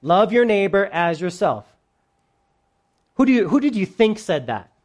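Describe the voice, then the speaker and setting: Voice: mid-range voice, big pitch swings, unhurried. A pastor giving a sermon in a casual, humorous way, often asking the congregation questions.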